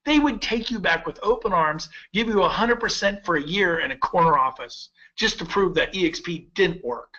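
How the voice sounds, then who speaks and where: A man in his fifties giving a persuasive sales pitch to real estate agents, telling stories with quoted dialogue. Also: lively intonation, moderate pace, few pauses, sharp tone, muffled recording. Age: 50s.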